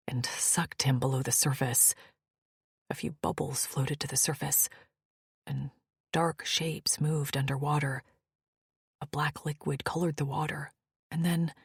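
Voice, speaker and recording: A woman reading a first-person fantasy romance audiobook with dramatic delivery, turning breathless at the peaks and hushed in quiet moments. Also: low-pitched, breathy edge, no echo, studio quality. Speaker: audiobook narrator.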